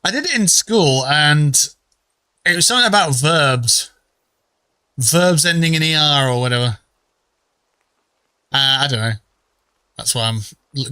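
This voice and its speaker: Bright-voiced man rambling on stream. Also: fairly high pitch, dry recording. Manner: rambling, joking, swears casually. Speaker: game streamer. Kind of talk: casual live-stream chat while gaming.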